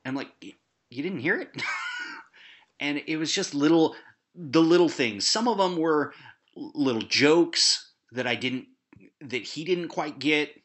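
A man in casual conversation about a film, animated and quick to laugh. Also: a little high.

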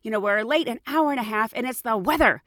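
A woman's voice: a little high, fast, no echo, studio quality, lightly acted. A woman voicing an indignant 95-year-old man who scolds a passenger in a rising rant. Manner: exasperated, rising to a loud rant.

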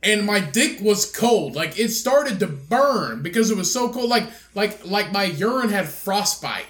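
A man's voice: high voice, a little slow. Crude joking young man, echoey room. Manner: crude, joking, animated storytelling. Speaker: podcast co-host. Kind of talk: casual chat.

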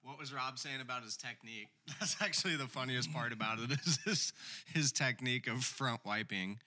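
A man's voice: medium pitch, moderate pace, pushed and bright. A man hosting a podcast in casual chat, throwing in teasing jokes at his friends. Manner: teasing, wisecracking asides. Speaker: podcast host.

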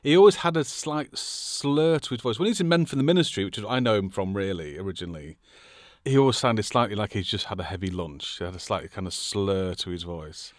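A man's voice: fairly low pitch, a little fast, dry recording, studio quality. A man from England co-hosting a casual film podcast, wry and thoughtful. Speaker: podcast co-host.

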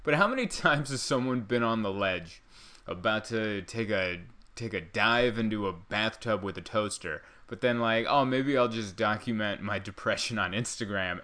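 Bright-voiced man rambling through a comedy podcast. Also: lowish voice, smooth. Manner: rambling, sarcastic, self-deprecating. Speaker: podcast host. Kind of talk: casual comedic monologue. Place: living room at home.

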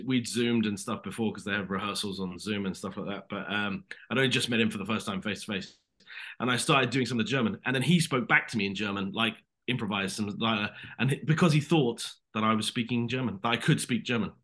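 Fast-talking bright British man. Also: on the low side. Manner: rambling animated storytelling, says "mate". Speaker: guest actor. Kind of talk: casual podcast interview.

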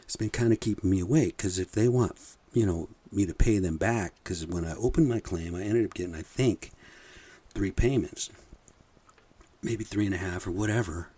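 A man's voice: low-pitched, moderate pace, mellow, husky. A man hosting a podcast, telling a rambling, profane story in a casual monologue with frequent chuckles. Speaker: podcast host.

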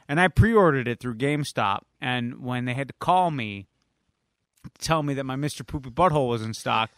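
A man co-hosting a podcast in a casual chat, rambling through a laid-back story. His voice is bright with a forceful edge, and the recording is close and dry. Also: medium pitch, clean tone, no room sound. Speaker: podcast co-host.

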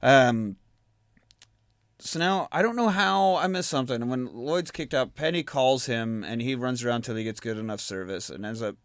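A man's voice: mid-range voice, moderate pace, no room sound, clean studio sound. A man hosting a casual podcast, recapping a movie in a rambling, profane way and laughing often. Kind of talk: casual chat.

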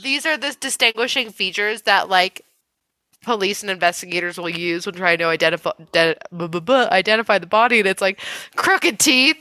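A woman co-hosting a podcast, chiming in with quick, teasing quips in casual banter. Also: mid-range voice, lively intonation, sharp tone, no room sound. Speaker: podcast co-host.

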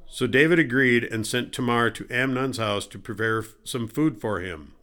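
A man's voice: mid-range voice, normal speed, pushed and bright. Man reading scripture steadily. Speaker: scripture reader. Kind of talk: daily Bible reading.

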